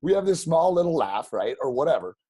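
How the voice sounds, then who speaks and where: A man telling stories as a podcast guest, animated and rambling, with many restarts. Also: a little high, a little fast, slightly rough, no room sound. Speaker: podcast guest, real estate agent. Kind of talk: casual storytelling interview.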